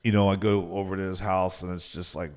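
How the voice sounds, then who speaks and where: A man's voice: low-pitched, little pitch movement, brisk, a little mellow. A man giving a motivational presentation as a business coach, talking casually and conversationally and often checking in with "right?".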